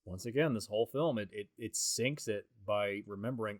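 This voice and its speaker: In a dry, clean studio recording, a man with a lowish voice talks at normal speed through a casual film commentary track. He's loose and conversational, rambling along with lots of fillers and restarts.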